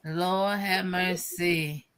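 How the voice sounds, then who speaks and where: A woman from Michigan telling stories in a dramatic, animated way during a casual gardening chat. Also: fairly low pitch, very slow, smooth. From Michigan, USA. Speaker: panel guest.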